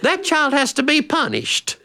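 A man voicing a flustered mother who scolds in a shrill, high voice. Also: wildly swooping pitch, measured pace, pushed and bright, heavily acted. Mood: scolding.

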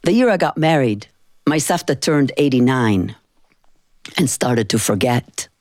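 Low-voiced woman storyteller. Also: lively intonation, measured pace, a little mellow, dry recording, studio quality. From Israel. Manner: intimate, emotional, rhythmic. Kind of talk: spoken storytelling performance.

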